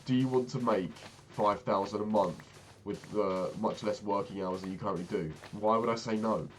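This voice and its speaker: A man's voice: lowish voice, normal speed, faint music behind. A young man casually recounting a frustrating meeting, exasperated and swearing freely as he talks. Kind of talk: casual storytelling rant.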